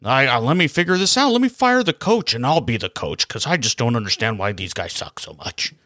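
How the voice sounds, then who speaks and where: A man's voice: mid-range voice, big pitch swings, brisk, bright, forceful tone, no room sound. A man doing a mock impression of a baffled, defensive male hockey team manager who mumbles and stammers. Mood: whiny.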